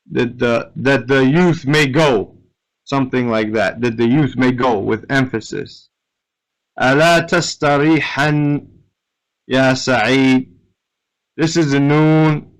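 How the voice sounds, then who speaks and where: A man's voice: medium pitch, poor audio. A man teaching an Arabic grammar lesson, explaining step by step and often checking with "right?".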